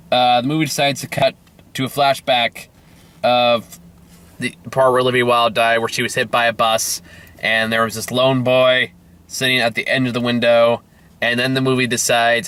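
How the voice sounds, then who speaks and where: A man's voice: mid-range voice, flat delivery, normal speed, long pauses, pushed and bright. A young man reviewing a movie from inside his car, rambling and exasperated, swearing often and restarting his sentences.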